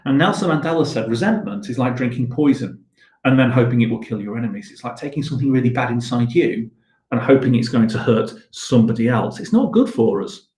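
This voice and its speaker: A man's voice: medium pitch, expressive, a little fast, a little mellow. A headteacher talks children through a story, acting out his own crossness with big swoops in his voice. He records at his computer, and his voice rings in an echoey room. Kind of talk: school assembly talk to children. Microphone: computer webcam.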